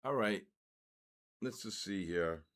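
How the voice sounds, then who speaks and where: A man's voice: lowish voice, slow pace, a bit bright. An older man from the Bronx, hosting a live trading stream and chatting casually with viewers between market calls. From the Bronx, New York.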